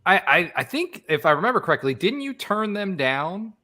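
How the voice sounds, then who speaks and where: A man's voice: sits high, big pitch swings, normal speed, bright, forceful tone. A man hosting an interview show, chatting casually and conversationally with some stammered restarts. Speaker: show host, marketing business owner.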